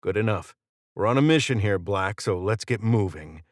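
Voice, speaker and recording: A gruff, brusque mercenary, as a man puts him on for an audiobook. The voice sits fairly low and comes across dry and close. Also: expressive, normal speed, dry recording, natural voice.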